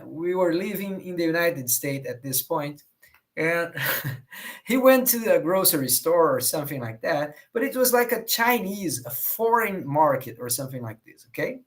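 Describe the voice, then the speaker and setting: A man's voice: high voice, a bit bright. A man from Brazil with a Brazilian Portuguese accent, giving a bilingual lecture and acting out quoted dialogue in his anecdotes. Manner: switches between English and Portuguese, acts out quoted dialogue. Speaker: professor lecturing.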